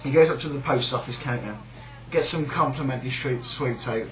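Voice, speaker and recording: A man's voice: mid-range voice, a little fast, fairly bright tone, echoey room, poor audio. A man with a British accent ranting in a sneering, rambling, sweary way about a coworker. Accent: British English. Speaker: shop worker. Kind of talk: casual rant.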